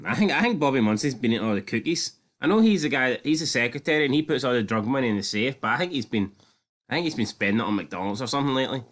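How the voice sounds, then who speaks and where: A man's voice: mid-range voice, lively intonation, very fast, fairly bright tone. A man co-hosting a podcast, chatting casually and jokingly about a TV show and swearing freely. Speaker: podcast co-host. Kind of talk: casual TV recap chat.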